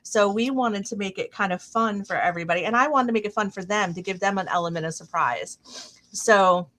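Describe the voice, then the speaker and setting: A woman's voice: mid-range voice, a little fast. Woman, middle-aged, casual stream host, chatty storyteller, fillers and restarts. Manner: rambling anecdote with animated quoted voices.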